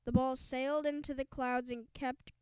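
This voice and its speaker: A woman's voice: high voice, flat delivery, moderate pace, a little mellow, clean tone, no room sound, poor audio. A woman reading a children's book aloud in an emphatic storytelling lilt, now and then stumbling and restarting words. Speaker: audiobook reader.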